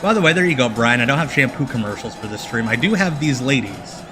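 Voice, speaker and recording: A man's voice: mid-range voice, expressive, fast talker, music in the background. A man hosting a live stream, reacting to an old fight show with sarcastic, joking asides. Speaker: stream host.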